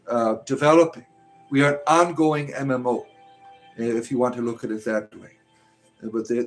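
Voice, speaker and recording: Guy on a stream reading chat and rambling, keeps saying right?, soft music behind. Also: mid-range voice, poor audio. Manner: rambling, answers chat questions with frequent "right?". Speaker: livestream host answering chat. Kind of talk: casual livestream chat.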